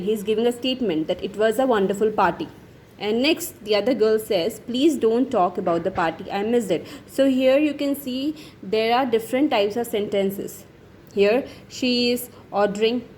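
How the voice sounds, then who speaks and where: A woman's voice: medium pitch, a little mellow, slight background noise, rough recording. A woman teaching grammar, explaining each example and often repeating and restarting phrases. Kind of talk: explaining grammar over slides.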